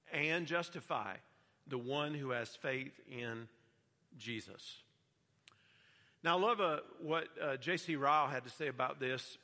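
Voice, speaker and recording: Bright-voiced preacher in a reverberant hall. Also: male voice, on the high side. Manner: measured preaching, reading scripture aloud. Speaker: pastor. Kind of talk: sermon. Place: church hall.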